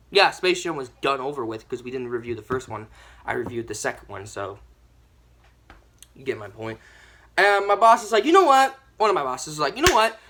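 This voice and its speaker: A young woman giving a ranting movie review, animated and exasperated, with mild swearing. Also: extremely low pitch.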